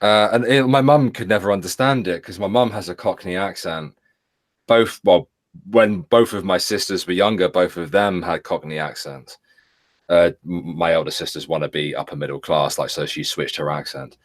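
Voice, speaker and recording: A man with an English accent hosting a casual streamed chat show, telling stories with lively swearing. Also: low-pitched, moderate pace. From England. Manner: swearing, animated storytelling. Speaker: streamer host.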